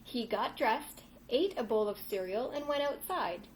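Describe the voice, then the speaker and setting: A young woman reads a picture book aloud and guides children through yoga poses, calling them friends and cheering them on. Her voice sits high. She is heard from across an echoey room with faint background hum. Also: expressive, measured pace. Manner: encouraging, addresses kids as friends, acts out the story's shouts. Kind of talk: reading a storybook aloud while leading kids' yoga. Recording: echoey room from some distance.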